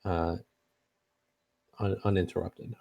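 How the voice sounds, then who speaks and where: A man narrating a tabletop game as game master, in a halting way with many fillers and restarts. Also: sits low, little pitch movement, vocal fry, muffled recording.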